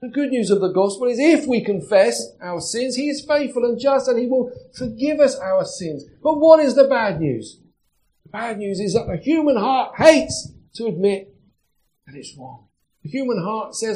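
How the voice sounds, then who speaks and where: A high-pitched, warm-toned pastor preaches at a normal speed, animated and conversational, asking the congregation questions as he goes. The audio is poor.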